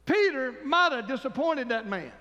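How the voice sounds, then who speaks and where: A man's voice: extremely high pitch, lively intonation, moderate pace, pushed and bright, long reverb tail. A man preaching a fervent sermon as pastor, calling for amens from the congregation.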